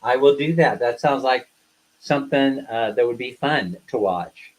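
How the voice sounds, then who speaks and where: A man with a medium-pitched voice speaks a little slowly on a low-quality live stream recording. As co-host of a couple's channel, he casually and bluntly rants at his audience, then playfully teases them.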